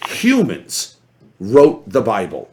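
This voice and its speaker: A man's voice: on the low side, wildly swooping pitch, slow, slight background noise. A man on a podcast making his points in an emphatic, lecturing way. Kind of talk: casual chat.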